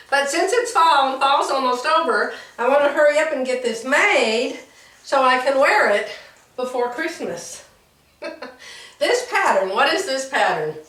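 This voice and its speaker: An older woman with a fairly high voice, rambling and chatty, laughing often as she talks. She sounds a little away from the mic in an echoey room. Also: fairly bright tone, recorded from a distance. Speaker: sewing vlogger. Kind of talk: casual chatty vlog. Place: home room.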